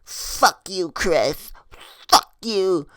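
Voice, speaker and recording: A man's voice: high voice, expressive, very slow, a bit bright, no echo, voice pushed up, full character voice. A man mimicking a short, cursing young woman. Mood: angry. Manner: cursing, petulant.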